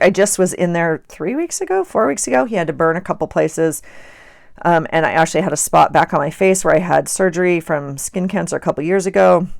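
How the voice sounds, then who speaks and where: A woman's voice: lowish voice, gravelly, no room sound, clean studio sound. A middle-aged woman chatting casually and rambling with self-amusement while she works on her journal pages. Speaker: journaling vlogger. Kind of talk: casual chat while crafting.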